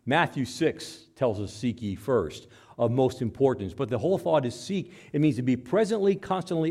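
A middle-aged man preaching a sermon, swinging between loud, high outbursts and low, quiet asides as he acts out dialogue between God and doubters. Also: lively intonation, moderate pace. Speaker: pastor.

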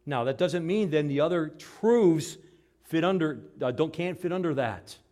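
A man preaching a sermon, emphatic, posing rhetorical questions and swinging between loud and soft. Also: a little high, expressive, measured pace.

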